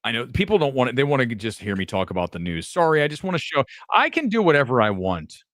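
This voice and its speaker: A man hosting a casual live commentary show, animated and profane, jumping from topic to topic. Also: medium pitch, fast, dry recording, clean studio sound. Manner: animated, swearing, jumps between topics. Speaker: host.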